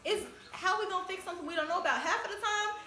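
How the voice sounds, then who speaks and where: Fast bright-voiced woman lecturing emphatically. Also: very high voice. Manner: emphatic, lecturing, laughs often. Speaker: host. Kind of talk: casual discussion. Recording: echoey room.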